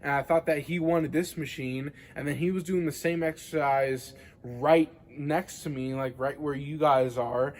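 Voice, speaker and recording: A man's voice: a little high, steady tone, measured pace, few pauses. A young man rambling casually to the camera in a vlog, full of filler words and swearing. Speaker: vlogger.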